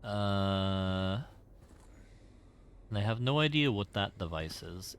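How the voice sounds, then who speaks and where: A man's voice: fairly low pitch, lively intonation, slow, clear, resonant tone. A man streaming a game, giving casual commentary in a wry, rambling way.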